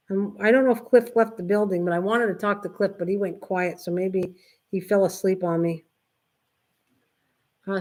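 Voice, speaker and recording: An older woman hosting a casual craft livestream, chatting in a rambling way and reading viewers' comments aloud. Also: medium pitch. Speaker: livestream host. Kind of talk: casual chat with live viewers.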